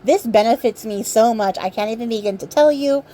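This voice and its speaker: A woman's voice: on the high side, brisk, warm tone, slight background noise, natural voice. A woman voicing a smug, self-serving young prince in a casual fairy-tale retelling, gushing over himself.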